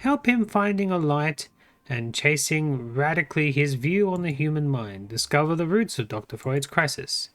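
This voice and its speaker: An Australian man playing a game for his channel, reading its text aloud in his own voice, his pitch swinging up and down. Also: very animated, normal speed, fairly bright tone. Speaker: gaming YouTuber. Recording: faint game music behind the voice. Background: faint game music.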